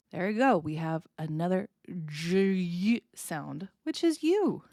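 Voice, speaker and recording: American woman, podcast english teacher, clear explanations, very lively pitch, dry close sound. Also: slow, no echo. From United States. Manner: clear, explanatory, demonstrates sounds with exaggerated intonation. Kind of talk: podcast lesson.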